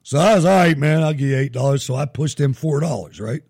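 A middle-aged man hosting a live show, telling profane, animated stories in casual chat. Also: medium pitch, fast talker, slightly rough. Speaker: show host.

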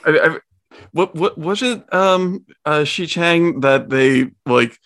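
A man hosting an interview, asking questions in a halting way with repeated words. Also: on the high side, a bit bright. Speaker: host.

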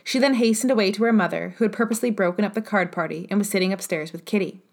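Woman audiobook narrator, calm and measured. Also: medium pitch, creaky. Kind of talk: audiobook reading of a classic novel.

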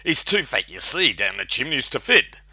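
A cranky reindeer, raising his voice high and loud in disgust, as a man puts him on. He scolds like a put-upon old workmate in a storybook poem. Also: very animated, normal speed, gravelly, breathy edge, no echo, full character voice. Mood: exasperated. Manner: fed-up, scolding. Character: grumpy disgusted male reindeer.

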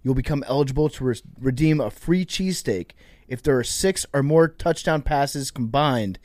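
A man co-hosting a podcast, reading an ad and then teasing a colleague in quick banter. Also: medium pitch, a little mellow, dry recording. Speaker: podcast co-host. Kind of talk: casual chat and read ad.

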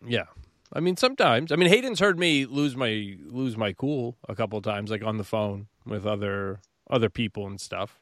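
Male podcast co-host, lively casual talker with a wide-ranging voice, dry booth sound. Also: fairly low pitch, normal speed, no room sound. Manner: animated, swears casually, jokey. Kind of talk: casual chat.

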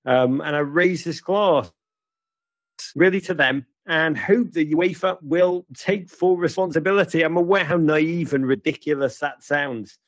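A man's voice: fairly high pitch, unhurried, no room sound. A man hosting a football review show, giving a scripted match-review monologue in a sardonic, theatrical, wry way.

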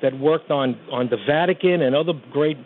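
Halting male caller on a tinny phone line. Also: a little high. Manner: halting, restarts sentences.

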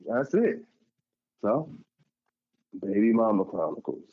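A man telling stories in a casual chat, acting out quotes in a high, animated voice. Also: takes it slowly, narrow, tinny audio. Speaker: podcast co-host telling stories.

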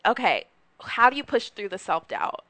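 A woman's voice: mid-range voice, big pitch swings, moderate pace, pushed and bright, dry recording. A young woman hosting a podcast, asking questions and affirming her guest in a supportive way. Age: young adult. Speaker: podcast host. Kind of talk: casual interview.

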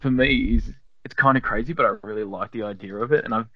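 A man's voice: medium pitch, fast talker, dull audio. A man appearing as a podcast guest, speaking in rambling, hesitant casual chat full of restarts.

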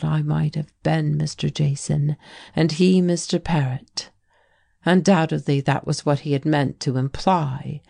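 A woman narrating a classic novel as an audiobook, in a measured, unhurried reading manner. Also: low-pitched, vocal fry, dark tone, no echo, clean studio sound.

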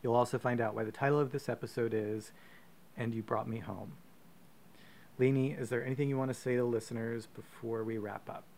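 Podcast host, man, gravelly fry, mid pitch, playful storytelling. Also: steady tone, quick pace, few pauses, a little mellow. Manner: playful, self-mocking, laughs often. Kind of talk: comic storytelling.

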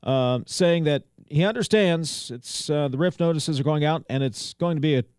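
A man hosting a radio news program, recapping a meeting in a measured way with frequent pauses and "uh" fillers. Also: fairly high pitch, a little mellow, smooth, dry recording, clean studio sound.

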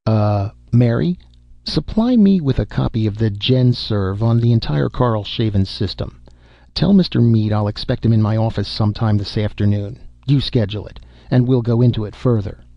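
A man doing a rumbling, weary old official. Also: normal speed, gravelly, no echo. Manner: dry, wry, world-weary. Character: obese weary older male government secretary. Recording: dull muffled audio.

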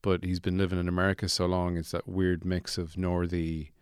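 A man's voice: low-pitched, level tone, fairly quick, clear, resonant tone, no room sound, clean studio sound, close to an everyday voice. A man voicing a deluded, gloomy man who lives in a shed, rambling in a meandering, self-pitying yet chirpy way.

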